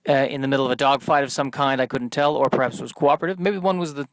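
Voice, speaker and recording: A man's voice: mid-range voice, fairly even intonation, rapid-fire, no room sound. A man hosting a solo podcast, rambling in a stream-of-consciousness monologue with self-deprecating humor. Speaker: podcast host.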